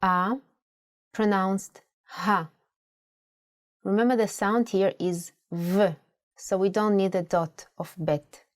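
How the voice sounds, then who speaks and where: A woman's voice: mid-range voice, mellow. Teacher woman. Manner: clear, slow spelling-out of sounds. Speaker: Hebrew language teacher. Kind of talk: scripted lesson narration.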